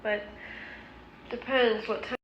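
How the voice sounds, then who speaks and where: Slow-talking tired woman vlogging at home. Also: a little high, muffled recording. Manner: chatty and relaxed, addresses viewers as guys. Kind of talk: casual home vlog talking to camera. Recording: roomy echo with loud background noise.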